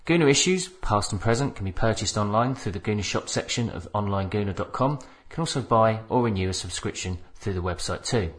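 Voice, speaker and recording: A man hosting a football fan podcast, telling stories in casual chat and bursting into shouted punchlines. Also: lowish voice, animated, brisk, few pauses. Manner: storytelling, laughs into shouted punchlines. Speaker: podcast host.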